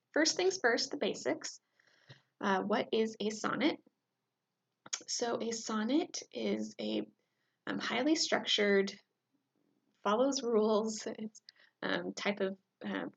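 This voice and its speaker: A woman gives a recorded lecture in a gravelly voice with plenty of vocal fry. She explains step by step, filling pauses with ums and uhs. The sound is dull and lo-fi. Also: mid-range voice. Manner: explanatory, many fillers, chants the rhythm aloud. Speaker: instructor.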